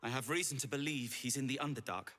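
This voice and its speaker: A man voicing an earnest, formal deep gnome man in a video game, speaking with quirky solemnity. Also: quick pace, sharp tone, natural voice. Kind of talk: video game character dialogue.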